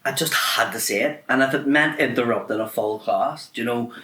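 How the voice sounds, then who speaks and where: A man's voice: mid-range voice, fairly quick, echoey room. A man telling school stories as a podcast guest, swearing freely and acting out the people in his stories. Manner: animated storyteller, swears a lot, acts out voices and laughs. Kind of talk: casual chat, storytelling.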